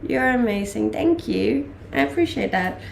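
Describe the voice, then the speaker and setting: A woman's voice: on the high side, expressive, normal speed, gravelly, reverberant, slight background noise. A woman in her late twenties from Denmark, with a mixed Danish and English accent, chatting casually on a live stream with many ums and laughs. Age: late 20s. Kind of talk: casual chat reading live chat.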